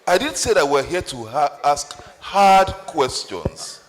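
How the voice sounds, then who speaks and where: A man's voice: on the high side, big pitch swings, slow. Firm man moderating a town hall. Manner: firm, repeatedly apologetic while enforcing rules. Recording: reverberant hall.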